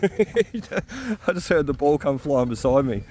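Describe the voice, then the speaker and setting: A man, giving casual, excitable commentary while metal detecting outdoors on a farm. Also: on the high side, slow pace. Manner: excitable, chatty, often exclaiming.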